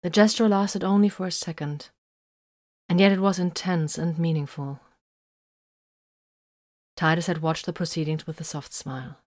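Low-voiced woman reading a story. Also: steady tone, moderate pace, long pauses, darkish tone. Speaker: narrator. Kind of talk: audiobook narration.

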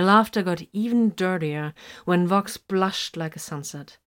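A woman reading a story aloud with even, steady narration. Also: deep voice, normal speed.

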